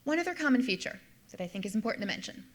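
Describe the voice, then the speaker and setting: A woman's voice: mid-range voice, big pitch swings, racing. A middle-aged woman, a history professor, giving an explanatory lecture and repeating key points for emphasis. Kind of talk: lecture with slides.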